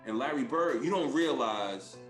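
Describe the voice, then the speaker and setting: A man's voice: medium pitch, lively intonation, moderate pace, faint music behind. A man, a former pro athlete, telling a loose, profane, laughing story on a podcast. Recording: roomy echoey room.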